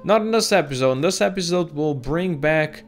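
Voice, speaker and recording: A man hosting a let's-play video, chatting casually about his game and swearing now and then in a relaxed way. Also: on the high side, moderate pace, soft background music. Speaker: gaming video host.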